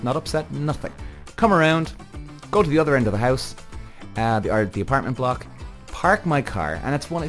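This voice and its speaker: Man, podcast host, ranting, swearing, lively pitch, mid-range voice. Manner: animated, swearing, exasperated storytelling.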